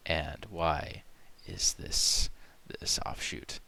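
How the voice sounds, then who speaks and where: A man with a very low but bright, ringing voice hosts a parody commentary. He rambles and hesitates through mock-serious conspiracy talk, full of fillers and asides, keeping a deadpan tone. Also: extremely slow, creaky. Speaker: video host.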